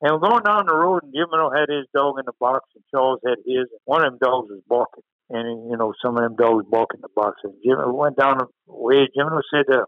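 A man's voice: mid-range voice, brisk, no echo, dull audio. A man with a Cajun accent telling a folksy story as a podcast guest. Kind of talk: casual storytelling.

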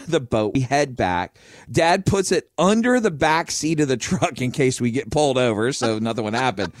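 Lively middle-aged man telling stories. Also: on the high side, no echo, studio quality. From Florida. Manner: animated, chuckling storyteller. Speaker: podcast host. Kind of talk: casual storytelling chat.

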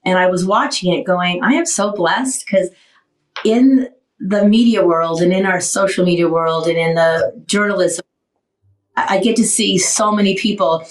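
A woman's voice: fairly low pitch, normal speed, reverberant, recorded from a distance, rough recording. A woman in her sixties hosting a casual radio talk show, emotional and rambling, getting short of breath as she talks. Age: 60s.

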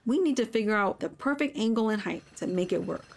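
A woman's voice: medium pitch, expressive, a little fast, vocal fry, background noise. A woman voicing an upbeat, encouraging young boy who leads his friends in a storybook tale. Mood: cheerful. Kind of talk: storybook character voice.

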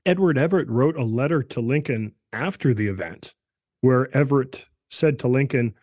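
A man's voice: medium pitch, expressive, normal speed, darkish tone, no echo. Middle-aged male professor, lecturing voice, dry close sound, keeps saying "right". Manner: peppers speech with "right" and restarts. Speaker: political science professor, guest. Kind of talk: explanatory discussion.

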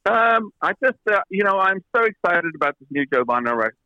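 A man's voice: high voice, very animated, fast, bright, forceful tone, no echo, dull audio. A man, a record producer as an interview guest, telling long anecdotes with many fillers and restarts. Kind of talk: interview storytelling.

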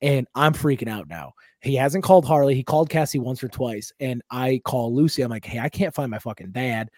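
A man's voice: mid-range voice, fairly quick, dry recording, clean studio sound. Young man telling a profane story. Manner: loose, profane, animated storytelling. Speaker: comedian podcast host. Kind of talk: casual podcast storytelling.

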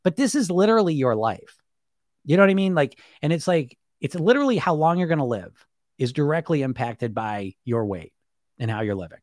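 A man coaching weight loss on a live stream, talking rapidly and bluntly, swearing casually and tagging his points with "right?" and "you know?". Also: on the high side, very animated, darkish tone, no room sound, studio quality. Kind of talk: live-stream monologue to viewers.

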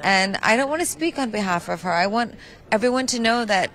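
A woman's voice: medium pitch, lively intonation, fairly quick, a bit bright, rough recording. Woman interviewee, earnest heartfelt answer, red-carpet clip. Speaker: celebrity interviewee.

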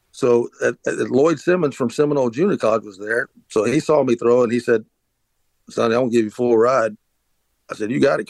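Casting: middle-aged man, anecdotal rambler, dry close sound, average pitch. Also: darkish tone, no echo, poor audio. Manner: rambling anecdotal, frequent restarts and filler "uh". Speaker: interview guest, former pitcher. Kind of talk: casual storytelling.

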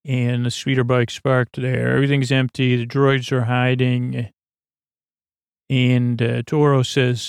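Gravelly, halting man recapping a show. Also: mid-range voice, no echo, studio quality. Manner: halting, full of fillers and restarts, deadpan. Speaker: podcast host recapping an episode. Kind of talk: rambling comedic episode recap.

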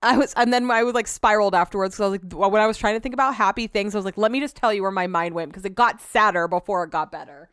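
A woman's voice: mid-range voice, rapid-fire, hardly any pauses, a bit bright, clean tone, dry recording, studio quality. A woman hosting her own podcast, telling an emotional story in a rambling, casual way and acting out both sides of a conversation. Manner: rambling, emotional retelling with quoted dialogue. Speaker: podcast host.

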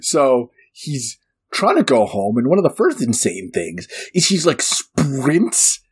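A man with a husky, slightly breathy voice talks through a film's plot for a podcast. He tells it casually and with energy, breaking into laughter as he goes. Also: medium pitch, takes it slowly. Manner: animated, laughing storyteller. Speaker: podcast co-host. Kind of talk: casual film discussion.

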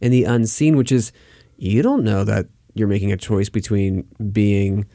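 A man in a dry, close-miked recording co-hosts a talk about faith. He retells a scripture story with lively, climbing emphasis and reads verses aloud, then settles back into easy conversation. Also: on the low side, moderate pace, dry recording. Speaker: podcast co-host.

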